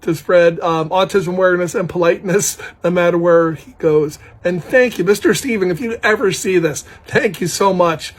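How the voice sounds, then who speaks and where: A man, a proud father, casually telling a story about his son, animated and laughing often as he talks. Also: sits high, normal speed, hardly any pauses. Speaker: parent telling a family story.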